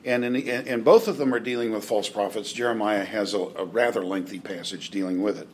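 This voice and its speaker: A man teaching a Bible class in a halting way, with restarts and dry joking asides. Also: fairly low pitch, slight background noise.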